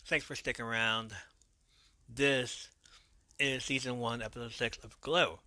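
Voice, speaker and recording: A man's voice: mid-range voice, steady tone, a little slow, pushed and bright, dry recording. A man hosting a podcast, casually recapping an episode in a loose manner, swearing now and then and correcting his own slips. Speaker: podcast host.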